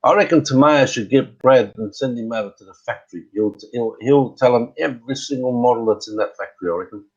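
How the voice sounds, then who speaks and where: A man's voice: mid-range voice, quick pace, slightly rough, highs cut off. A middle-aged man chatting casually as a guest on a live stream, rambling and hesitant with many fillers. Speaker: guest RC hobbyist.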